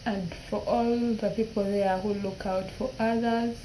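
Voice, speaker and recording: A woman in her twenties talking through tears in a personal vlog, halting and repeating herself. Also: medium pitch, steady tone, mellow, a little hiss or hum, rough recording. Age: 20s. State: tearful, crying at times. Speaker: vlogger.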